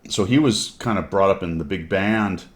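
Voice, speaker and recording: Deep-voiced man chatting on stream. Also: moderate pace. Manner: rambling, self-correcting. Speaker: streamer host. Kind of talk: casual chat.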